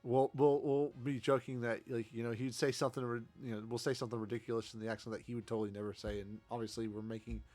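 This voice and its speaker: A man's voice: medium pitch, flat delivery, fast talker, few pauses, a little mellow, faint music behind. A man streaming a game, chatting casually, laughing a lot and poking fun at himself. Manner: chatty, self-deprecating, laughs often. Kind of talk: casual gameplay commentary.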